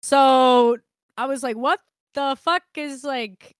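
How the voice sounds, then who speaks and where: A young woman co-hosting a podcast, telling a story in casual chat, animated, laughing often and swearing freely. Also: high voice, slow, smooth, no room sound, studio quality. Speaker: podcast co-host.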